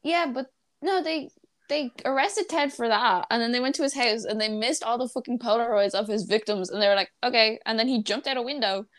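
A woman hosting a podcast, telling true-crime stories in animated casual chat, laughing often and swearing freely. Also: a little high, brisk. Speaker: podcast host.

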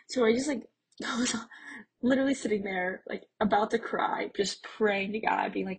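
A woman's voice: medium pitch, fairly even intonation, a little fast, poor audio. A young woman from Pennsylvania telling a casual travel story, chatty and full of "like", laughing between thoughts. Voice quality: very breathy, airy voice. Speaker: travel vlogger.

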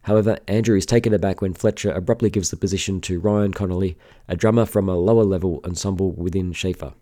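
Male podcast co-host, very low and mellow, reads a summary aloud with stumbles. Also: fairly even intonation, fast. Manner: reads aloud with small stumbles and throat clearing. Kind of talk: reading a plot summary.

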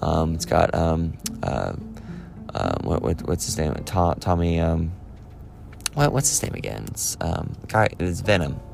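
A man's voice: sits low, big pitch swings, unhurried, gravelly, music in the background. A man chatting casually as a movie vlogger, rambling with lots of fillers and restarts. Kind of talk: casual chat.

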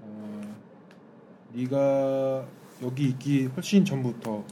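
A man chats on a casual podcast in quick, soft-spoken Korean. His voice is very dark and mellow, and he talks very fast. Faint ambience hums in the background. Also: mid-range voice, steady tone, slight background noise. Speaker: podcast co-host. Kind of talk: casual chat.

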